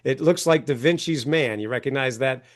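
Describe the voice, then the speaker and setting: A man's voice: mid-range voice, moderate pace. A man guest on an interview show, talking emphatically, acting out quoted voices and often asking "right?". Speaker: author and coach, guest. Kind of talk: animated interview talk.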